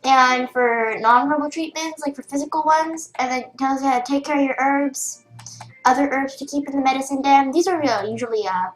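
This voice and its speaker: A woman's voice: high voice, reverberant, poor audio. A young girl in a casual tutorial, chatty and rambling with lots of fillers and restarts, keyboard typing behind her. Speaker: game tutorial host. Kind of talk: casual screen-recorded tutorial.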